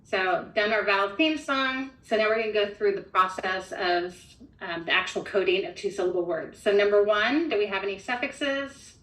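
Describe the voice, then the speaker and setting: A woman's voice: mid-range voice, moderate pace, hardly any pauses, a bit bright, distant mic. A woman trainer modeling a phonics lesson, explaining each step methodically. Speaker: literacy trainer. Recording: echoey room from off-mic.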